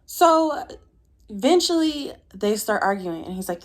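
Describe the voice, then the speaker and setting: Animated woman giving opinionated commentary. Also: sits high. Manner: animated, opinionated, rapid asides. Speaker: film commentator.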